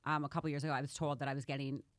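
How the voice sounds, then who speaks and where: Podcast host, woman, fast and lively, bright tone, dry sound. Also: sits low, no echo. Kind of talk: casual chat.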